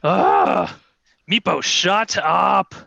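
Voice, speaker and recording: An imperious, scolding little kobold queen, played by a man, raised a little in pitch with a bright, lively edge. She is haughty and quick to snap, and the sound is dry and close over a video call. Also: dry recording, lo-fi sound, full character voice. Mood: scornful. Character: small, haughty, short-tempered kobold queen.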